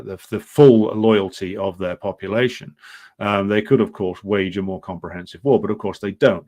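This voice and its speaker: Male commentary host, slightly low voice, off-the-cuff and sardonic, hesitant with frequent fillers. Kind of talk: unscripted commentary reading from an article.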